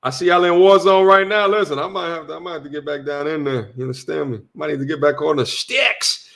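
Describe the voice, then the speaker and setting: A young man hosting a casual livestream, reading viewer chat aloud with slangy shout-outs and repeating his points. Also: fairly high pitch, steady tone, fast, creaky. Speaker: livestream host.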